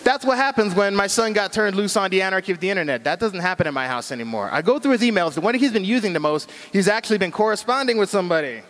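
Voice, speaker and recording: A man's voice: sits high, animated, fast talker, hardly any pauses, fairly bright tone, long reverb tail. A middle-aged man giving a casual, joking talk on internet safety, full of slang. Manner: chatty, joking, uses slang. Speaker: speaker at a cyber safety talk.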